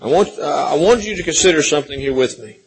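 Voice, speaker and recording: A man preaching a sermon, swinging from loud pleading questions to hushed, gentle passages, calling listeners friends and repeating words as he builds. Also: fairly high pitch, expressive, fast talker, husky, rough recording. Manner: impassioned, rising and falling between loud pleading and hushed softness.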